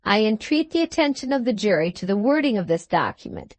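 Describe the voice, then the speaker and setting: A woman's voice: mid-range voice, sing-song, brisk, no room sound. A woman reading the lines of a pompous male barrister making a grand, theatrical speech to a jury in an audiobook. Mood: impassioned. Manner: grandiloquent, theatrical courtroom oratory.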